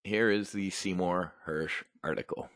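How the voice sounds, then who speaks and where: A man's voice: low voice, steady tone, measured pace, fairly bright tone, no echo, clean studio sound. A man hosting a trading show, commenting on the news in a blunt, rambling, profane way. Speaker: options trading show host. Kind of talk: casual market and news commentary.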